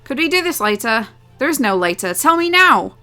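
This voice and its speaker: Angry young heroine, woman reading, loud and insistent, bright, forceful tone. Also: on the high side, big pitch swings, brisk, soft background music. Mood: furious. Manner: loud, insistent, sharp questions.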